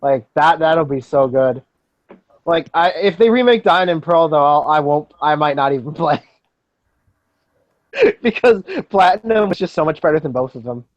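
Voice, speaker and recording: A young man hosts a casual call with friends, his voice a little high for a man. He rambles in a joking, sarcastic way. The sound is dry and close. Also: expressive, normal speed, no echo, highs cut off. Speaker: podcast host. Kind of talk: casual group chat over a voice call.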